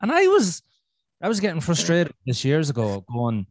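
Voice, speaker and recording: A man's voice: fairly high pitch, huge pitch swings, normal speed, dry recording. Rambling Irish man, dry sound. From Ireland. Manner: rambling, swears freely, restarts often. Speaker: podcast host. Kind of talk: casual chat.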